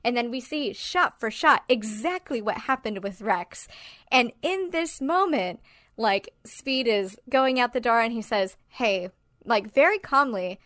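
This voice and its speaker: A woman's voice: a little high, unhurried, no echo, studio quality. Emphatic, swearing woman podcast co-host. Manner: emphatic and animated, swears often. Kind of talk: casual chat.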